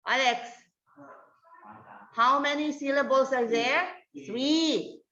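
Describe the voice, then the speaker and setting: A woman teacher walks her class through grammar at an unhurried pace, repeating each point and asking if they follow. Her slightly high voice carries through an echoey classroom, picked up on a dull, lo-fi recording. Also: bright, forceful tone. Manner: slow, repetitive, checks understanding with "okay?". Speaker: English teacher. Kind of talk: grammar lesson to a hybrid class.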